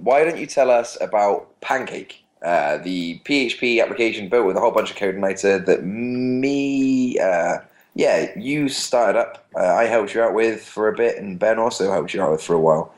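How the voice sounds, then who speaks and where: A man's voice: fairly low pitch, normal speed. A man with an English accent on a podcast, chatting casually, ranting and swearing freely. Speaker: podcast co-host. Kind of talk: casual chat.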